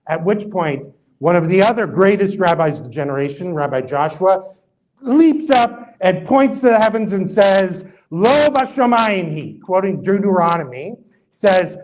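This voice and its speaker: Animated storytelling rabbi, a man. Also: moderate pace, rough recording. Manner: animated, acts out quoted voices with rising pitch; conversational, many fillers and asides. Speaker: rabbi giving an interfaith talk. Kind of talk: casual storytelling lecture.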